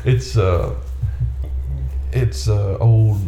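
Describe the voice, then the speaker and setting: A man co-hosting a casual movie commentary chat, laid-back and quick to quote characters in asides. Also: lowish voice, mellow. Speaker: podcast co-host. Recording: echoey room with faint background noise.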